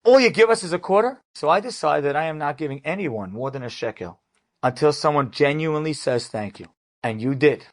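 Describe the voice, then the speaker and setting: A man's voice: on the high side, animated, brisk. A man voicing a blunt, generous stranger who explains why he gives. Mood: earnest.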